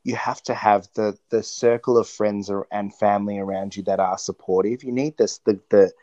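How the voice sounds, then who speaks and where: A man talking earnestly as an interview guest, reflecting slowly with frequent restarts. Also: on the low side, steady tone, mellow, dry recording, lo-fi sound. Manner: earnest, searching, many restarts. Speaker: interview guest, stage performer.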